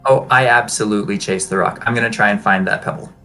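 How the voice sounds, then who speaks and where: A man's voice: on the low side, quick pace, sharp tone, soft background music. A man playing a tabletop game, speaking hesitantly and politely. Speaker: player. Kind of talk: casual game chat.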